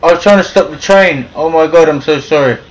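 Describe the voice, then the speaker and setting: A man hosting casual game chat, excitable and swearing, on a headset mic. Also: fairly high pitch, a little fast, rough recording. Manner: excitable, swearing, yelps when in trouble. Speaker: gameplay channel host.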